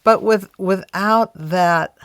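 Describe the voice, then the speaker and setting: A woman being interviewed tells a story reflectively and conversationally, often saying "you know" and voicing her past thoughts aloud. Her mid-range voice is slow-paced, on a dry recording with clean studio sound.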